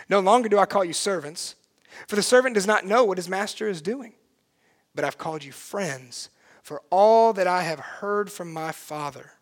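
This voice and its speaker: Preaching to his congregation, this male pastor speaks in a high voice at normal speed. His delivery is sincere and insistent, dropping to near-whispers before rising into powerful, loud declarations.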